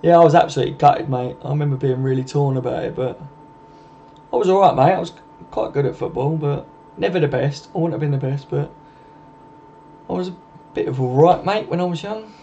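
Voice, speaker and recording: A young man chats on a live stream, answering viewer comments with swearing, laughter and constant banter. His voice is a little high and mellow. The mic sounds slightly muffled and lo-fi. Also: brisk, vocal fry, pauses often, slight background noise. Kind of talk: casual live stream chat.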